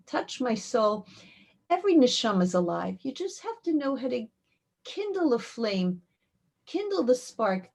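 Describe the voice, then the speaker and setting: A woman, a rebbetzin and community educator, telling heartfelt stories in an interview, her voice climbing high when she quotes what she said. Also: unhurried, vocal fry. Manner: heartfelt, animated storytelling, rises high when quoting. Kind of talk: interview storytelling.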